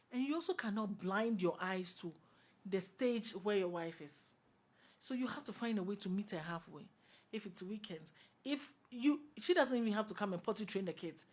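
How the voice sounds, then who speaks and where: Her voice is mid-range, and her accent is Ghanaian English. As a panelist in a heated talk show debate, she pushes her views hard, repeating herself for emphasis.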